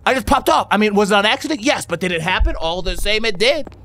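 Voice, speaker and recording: A young man's high, animated voice swinging from muttered asides to panicked shouting as he plays a horror game. His tone is bright and sharp, full of swearing, with a faint hiss in the background. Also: fast. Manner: profane, yelling and panicking, reading on-screen text aloud. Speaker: gaming YouTuber. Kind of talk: horror game let's play commentary.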